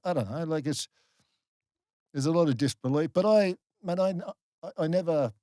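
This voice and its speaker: A man's voice: fairly high pitch, normal speed, no echo, studio quality. A middle-aged Australian man, a former rugby league player, telling stories in a casual podcast interview, full of fillers and restarts. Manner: animated storyteller, many fillers and restarts.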